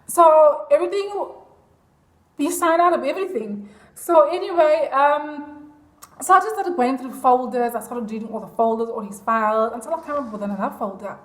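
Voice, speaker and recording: A vlogger with a high voice tells her audience a story in an animated, chatty, confiding way at normal speed, sprinkling in ums and "I'm like." The room has a noticeable echo.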